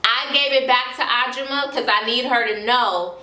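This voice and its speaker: An American woman vlogger telling a story in a dramatic, animated way, full of slangy asides. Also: a little high, moderate pace, echoey room. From United States. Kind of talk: storytime vlog.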